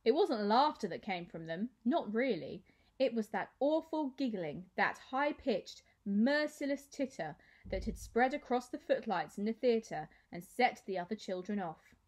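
A woman teacher reading a children's novel aloud with expressive storytelling. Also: on the high side, a little slow.

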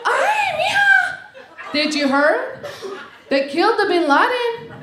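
A comedian voicing a nosy, chatty receptionist woman with a Mexican Spanish accent, gushing and scolding in drawn-out words, recorded on stage in an echoey club with crowd noise behind. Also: extremely high pitch, huge pitch swings, pitched above the performer's own voice, exaggerated voice.

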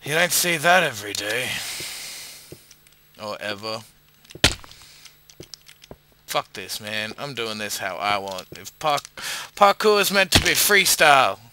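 A man with an Australian accent, a bit drunk, giving casual gameplay commentary and swearing loudly at his own failed jumps. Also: medium pitch, very animated, slow, long pauses, heavy background noise. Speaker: gamer playing a parkour map.

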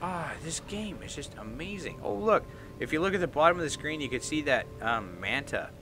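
A man playing a video game, chatting excitedly and reading the on-screen text aloud. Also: a little high, fairly quick. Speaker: gaming YouTuber. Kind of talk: let's play commentary. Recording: light game music behind.

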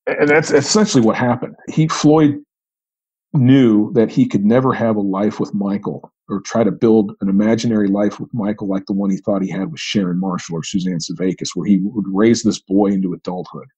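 A man's voice: fairly low pitch, fairly even intonation, brisk, warm tone, husky, muffled recording. A middle-aged man, a retired federal agent, recounting an old case in conversation, often restarting and repeating words. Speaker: retired FBI agent, podcast guest.

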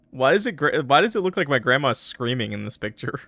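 A man's voice: medium pitch, sing-song, fairly quick, creaky, pushed and bright, a little hiss or hum. A man streaming a game, chatting casually with his viewers and laughing often. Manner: laughs often, joking with chat. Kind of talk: casual gameplay commentary.

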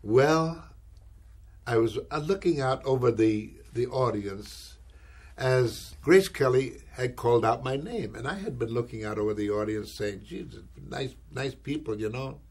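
An older actor telling an anecdote in an interview, animated and acting out the voices he quotes, often adding "you know". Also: medium pitch, unhurried, breathy edge. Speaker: actor recalling his career.

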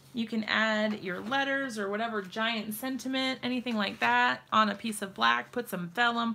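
Young woman, craft livestream host, chatty and giggly, slow delivery, some vocal fry. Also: fairly high pitch, bright, forceful tone. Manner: giggly, chatty, laughs often. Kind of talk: casual live-stream chat while crafting.

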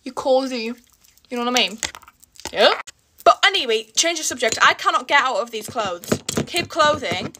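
Young woman, high voice, rushed and chatty, cricket sounds behind, noisy recording. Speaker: beauty vlogger. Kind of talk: casual get-ready-with-me chat. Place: home, indoors. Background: cricket sounds from a smart speaker.

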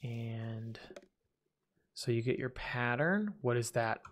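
Gravelly-voiced man chatting through a game. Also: medium pitch, slow. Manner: chatty, self-deprecating, talks to himself while playing. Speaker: gaming video host. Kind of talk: casual let's-play commentary.

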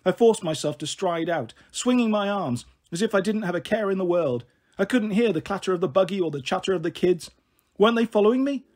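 Male audiobook reader, husky, animated first-person narration. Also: sits high, brisk. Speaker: storyteller. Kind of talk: audiobook reading of a children's novel.

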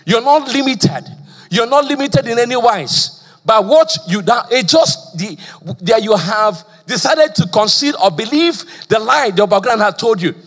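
High-voiced preaching man in a reverberant hall. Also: expressive, a little slow, fairly bright tone. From Nigeria. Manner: call-and-response preaching, repeated "praise the Lord"; slight stammer. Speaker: pastor. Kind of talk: sermon. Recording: long church hall reverb.

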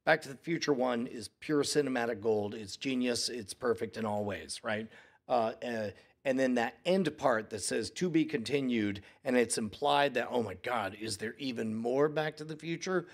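A man in his forties chatting casually on a podcast, rambling and acting out quotes in lively voices. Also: mid-range voice, moderate pace. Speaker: podcast co-host. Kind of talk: casual chat.

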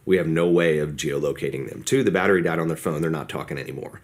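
A man's voice: a bass voice, fast talker. A man telling a war story in an interview, casual and talkative, acting out what people said. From United States. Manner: casual storytelling, acts out quoted dialogue. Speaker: podcast guest.

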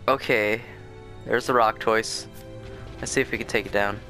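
A man's voice: lowish voice, steady tone, normal speed, sharp tone. A young man hosting a let's play, giving casual, rambling commentary with lots of fillers and restarts as he plays. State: sleepy, yawning. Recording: faint game music behind.

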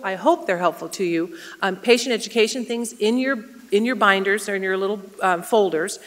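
A woman's voice: mid-range voice, a bit bright. Middle-aged woman nurse, conversational lecturer who quizzes the audience, recorded with hall reverb. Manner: conversational, asks the audience questions. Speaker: nurse presenter. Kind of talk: community health lecture.

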